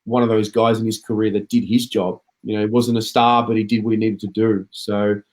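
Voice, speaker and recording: A man's voice: lowish voice, level tone, fairly quick, a little mellow. A man hosting a casual footy chat show, reading out viewer comments and chatting along. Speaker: podcast host reading comments.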